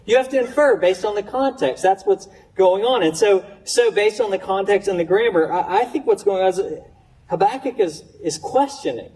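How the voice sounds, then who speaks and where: Higher-voiced pastor preaching from a distance. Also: male voice, moderate pace, a little mellow. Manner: conversational preaching, stammering restarts, voicing questions with rising pitch. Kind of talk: sermon. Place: church sanctuary.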